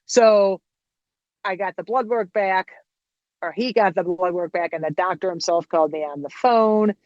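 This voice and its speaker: A woman's voice: fairly low pitch, normal speed, no room sound, dull audio. A woman guest in an interview, telling a long story in casual, rambling speech and acting out the dialogue. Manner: rambling, animated, acts out quoted dialogue.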